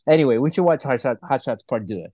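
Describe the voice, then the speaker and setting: Young male co-host, mellow voice, dry close sound, profane and rambling. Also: medium pitch, animated, fast talker, dry recording. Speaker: podcast co-host. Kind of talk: casual chat.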